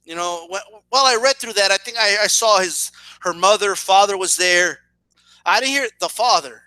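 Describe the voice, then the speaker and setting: A man with a high, very bright voice rants to his camera, sarcastic and swearing freely. He stumbles and repeats himself as he builds steam. The sound is dry and close, with almost no room echo. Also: moderate pace. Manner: sarcastic, profane, repeats words when worked up. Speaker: boxing and wrestling commentator. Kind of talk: casual video rant.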